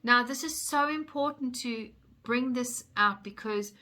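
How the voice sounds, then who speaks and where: Upbeat woman parenting coach, bright voice. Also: a little high, measured pace. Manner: upbeat, enthusiastic. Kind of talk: direct-to-camera tips video.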